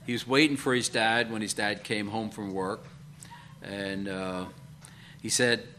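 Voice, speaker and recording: A man preaching a sermon, speaking in halting bursts with frequent fillers and repeated questions to his congregation. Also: fairly low pitch, steady tone, bright, forceful tone, a little hiss or hum. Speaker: pastor.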